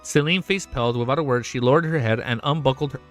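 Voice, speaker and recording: A man streaming live, reading a novel aloud and breaking off into excited, swearing reactions. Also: medium pitch, fast talker, soft background music. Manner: excitable, swears often, sudden loud outbursts.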